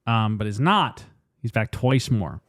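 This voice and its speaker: A man's voice: lowish voice, expressive, measured pace, fairly bright tone. A man co-hosting a casual movie podcast, chatting and giving his opinions and laughing often. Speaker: podcast co-host. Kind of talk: casual movie-recap chat.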